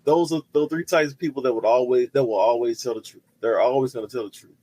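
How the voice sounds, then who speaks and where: A man co-hosting a casual podcast, telling a story in an animated way, laughing often and repeating himself. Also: mid-range voice, quick pace, rough recording. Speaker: podcast co-host.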